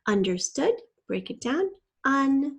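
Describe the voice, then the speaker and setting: A woman's voice: medium pitch, unhurried, gravelly, darkish tone, breathy edge. A woman teacher giving a patient, step-by-step spelling lesson and spelling out letters from a shared document.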